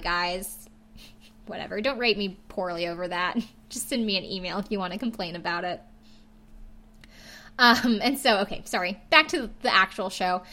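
Chatty young woman with a bright voice. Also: mid-range voice. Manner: chatty, filler-heavy, gossipy, frequent laughs. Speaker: podcast host recapping a TV show. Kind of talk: casual recap chat.

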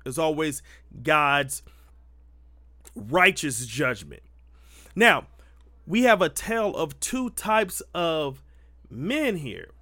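A man's voice: fairly high pitch, very animated, takes it slowly, long pauses, sharp tone, dry recording, clean studio sound. A man giving emphatic, preachy Christian commentary, full of rhetorical questions and restarts.

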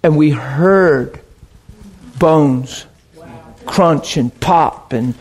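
A man preaching and telling a story to a congregation, animated and quick to laugh, with bursts of sound effects. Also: a little high. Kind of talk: sermon storytelling.

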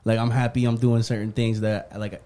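A man hosting a podcast among friends, his voice dark and warm. He rambles loosely, full of ums and likes. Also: medium pitch, a little fast, clear, resonant tone. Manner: relaxed, rambling, filler-heavy. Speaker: podcast host. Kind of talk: casual chat.

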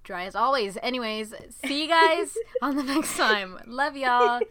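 Bright high-voiced young woman podcaster. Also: expressive, a little slow. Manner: loud, giggly and profane teasing. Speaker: podcast co-host. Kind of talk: casual podcast chat.

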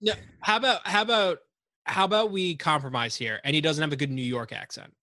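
A man's voice: on the high side, a little fast, sharp tone, no echo, studio quality. A man hosting a podcast, chatting casually in a joking, rambling way and swearing freely. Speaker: podcast host. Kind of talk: casual chat.

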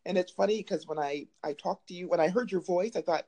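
A woman's voice: lowish voice, a little fast, dark tone. A woman hosting an interview, upbeat and chatty, laughing often. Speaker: podcast host. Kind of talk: casual interview with a friendly intro.

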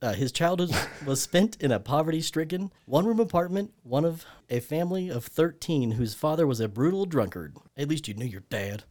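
A man's voice: a little high, animated, brisk, few pauses, a little mellow. A man hosting a casual true crime podcast, reading case notes and joking with his co-hosts. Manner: reads case notes aloud, joking between passages. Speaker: podcast host.

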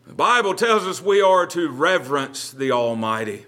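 A man's voice: on the high side, big pitch swings, normal speed, sharp tone. A man, a pastor leading a Bible study, speaking earnestly and conversationally, often repeating words as he gathers his thoughts.

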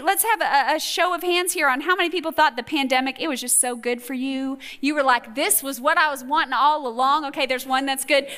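A woman's voice: extremely high pitch, sharp tone. A middle-aged woman giving a conversational, earnest teaching talk at a women's conference, telling stories and asking the audience questions. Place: conference hall before a live audience.

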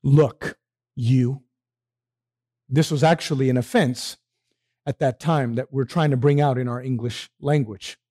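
A man's voice: medium pitch, normal speed. A man preaching a sermon, asking his listeners questions and answering them himself. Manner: animated, asks the congregation questions and answers them.

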